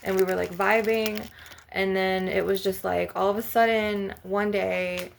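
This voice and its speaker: A woman's voice: mid-range voice, steady tone, unhurried, creaky, a little hiss or hum. A woman hosting her own channel, rambling through a personal story with lots of fillers and nervous laughs. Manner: rambling, heavy use of "like" and fillers; laughs through painful memories. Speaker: ASMR channel host.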